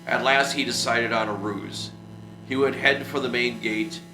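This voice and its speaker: A man reading a classic adventure novel aloud for a book club, steady with small restarts. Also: mid-range voice. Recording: roomy echo with music behind.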